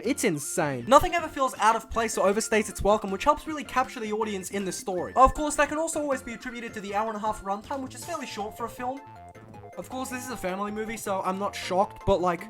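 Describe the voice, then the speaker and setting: A man narrating a comedic video essay as a film reviewer, sarcastic and animated. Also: high voice.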